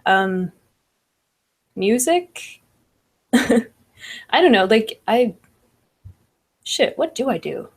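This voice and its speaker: A woman's voice: a little high, lively intonation, drawn-out words, long pauses, husky. A woman hosting a livestream, reading chat comments aloud and chatting casually with lots of laughs. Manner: laughs often, fillers like "like" and "I don't know".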